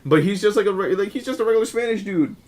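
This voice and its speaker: A young man co-hosting a casual podcast, telling stories in a profane, animated way with frequent laughs. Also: sits high, quick pace, a little hiss or hum. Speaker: podcast co-host. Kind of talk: casual chat. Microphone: shared podcast mic.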